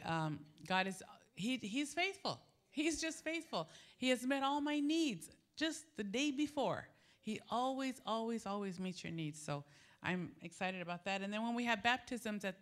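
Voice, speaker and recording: A middle-aged woman pastor telling a personal story to her congregation in a casual, animated sermon, laughing as she goes. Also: medium pitch. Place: church sanctuary.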